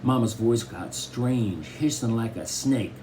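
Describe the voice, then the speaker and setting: Expressive male audiobook reader. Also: mid-range voice, slow pace, a little hiss or hum. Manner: expressive storytelling, first-person boy narrator. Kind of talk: reading a children's novel aloud.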